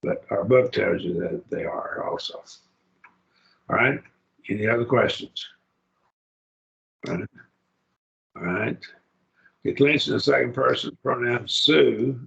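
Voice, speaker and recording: A man teaching a Greek grammar class, who speaks slowly and repeats each word form aloud to model how it is pronounced. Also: fairly low pitch, vocal fry, fairly bright tone, highs cut off. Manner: slow, repeats words aloud to model pronunciation. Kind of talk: classroom lecture. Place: church classroom.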